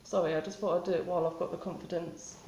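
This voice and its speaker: A woman talking in a spontaneous confessional vlog, halting and rambling with many restarts and fillers. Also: on the low side, level tone, mellow, echoey room, a little hiss or hum, poor audio. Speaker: vlogger.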